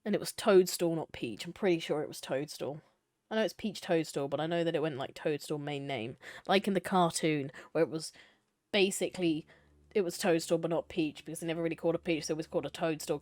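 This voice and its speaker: A woman's voice: low-pitched, no room sound. A young adult woman live-streaming a choice game, reading it aloud and chatting playfully with viewers, laughing and swearing casually.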